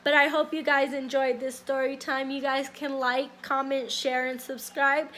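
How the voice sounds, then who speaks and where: A woman's voice: sits high, flat delivery, normal speed, fairly bright tone, a little hiss or hum. A young woman vlogger telling a casual story time, rambling with many fillers. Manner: rambling, many likes and ums.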